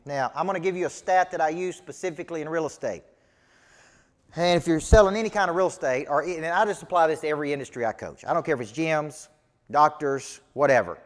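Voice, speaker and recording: A man's voice: fairly high pitch, long reverb tail. A man with a Southern US accent giving a live business coaching talk, emphatic and folksy, quizzing his audience. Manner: emphatic, folksy and preachy, asks the audience questions. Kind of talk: live motivational training talk.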